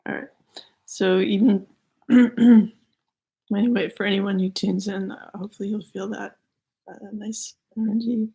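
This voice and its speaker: Woman, hoarse, raspy and breathy, flat unhurried delivery, rambling spiritual reader. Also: medium pitch, low-quality recording. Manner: loose and rambling, many "like" fillers. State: hoarse, losing her voice. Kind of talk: casual spiritual reading to viewers.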